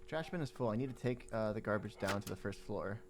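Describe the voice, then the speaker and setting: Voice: mid-range voice, fast talker, background noise. A streamer giving casual live commentary on a horror game, swearing often and talking to themself as they play.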